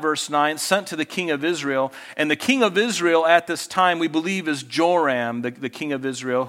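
Conversational pastor in an echoing hall. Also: male voice, fairly high pitch. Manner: conversational, animated when acting out quotes. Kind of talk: sermon.

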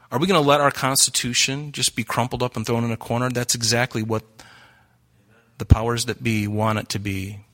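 Earnest preacher, bright voice. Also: male voice, mid-range voice. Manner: earnest, urgent preaching with rhetorical questions. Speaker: pastor. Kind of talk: sermon.

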